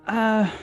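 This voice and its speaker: Slow, hesitant tabletop player, faint music behind. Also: fairly bright tone. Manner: hesitant, unhurried questions. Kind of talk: casual tabletop play.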